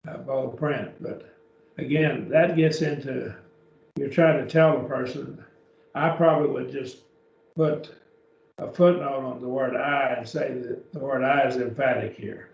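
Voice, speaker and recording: In a church classroom, a man with a mid-range, gravelly, darkish voice teaches a beginners' Greek class, patiently going step by step and often checking "okay?" He's recorded from a distance, and the audio is echoey, dull and lo-fi.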